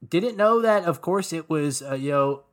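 A man's voice: fairly high pitch, expressive, normal speed. Rambling man chatting on a podcast. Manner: rambling, heavy on fillers like "like" and "um". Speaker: podcast co-host. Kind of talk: casual podcast chat about music.

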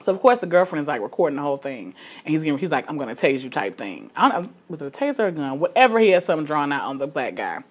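A woman's voice: low voice, sing-song, racing, breathy edge. A woman co-hosting a casual chat, frank and opinionated, telling stories with plenty of restarts.

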